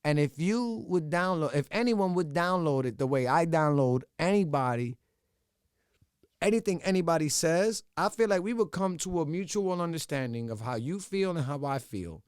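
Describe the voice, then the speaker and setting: Young adult male podcaster, high-pitched, dry close mic, profane unfiltered monologue. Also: lively intonation, moderate pace, smooth, dry recording. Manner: blunt, profane, ranting. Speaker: podcast host.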